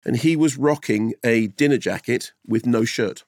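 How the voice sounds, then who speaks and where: A man's voice: medium pitch, normal speed, a little mellow, no room sound. A man co-hosting a film podcast, joking and chuckling through casual banter in a studio. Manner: jokey, chuckling, looks things up aloud. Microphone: studio microphone.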